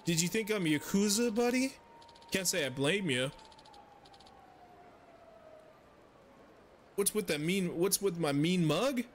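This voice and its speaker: A man doing a boastful, crude street informant with a drawling, sing-song put-on accent. The voice sits raised and bounces widely up and down. It comes across as a loud, folksy game character. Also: on the high side, expressive, moderate pace, slight background noise, close to an everyday voice. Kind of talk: reading game dialogue aloud in a put-on voice.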